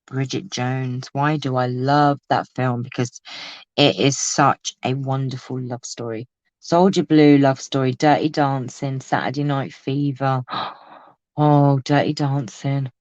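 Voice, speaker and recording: A woman's voice: rumbling low, fairly even intonation, measured pace, darkish tone, dry recording, muffled recording. A woman chatting casually while crafting on a live video, talking exclaimingly and laughing often. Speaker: crafting vlogger.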